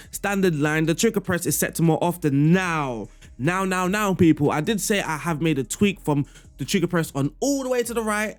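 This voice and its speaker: A man giving an upbeat, playful walkthrough of a video game tactic, chuckling now and then as he explains. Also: a little high. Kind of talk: casual gameplay walkthrough commentary. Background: faint background music.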